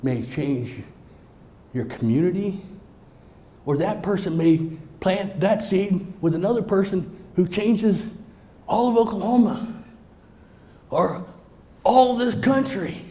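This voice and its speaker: Man telling stories with a mellow voice. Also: sits high, slow, pauses often, slight background noise. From Southern United States. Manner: swings between emphatic loud lines and hushed near-whispered asides. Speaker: motivational speaker. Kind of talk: storytelling speech to a live audience. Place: meeting room with a live audience.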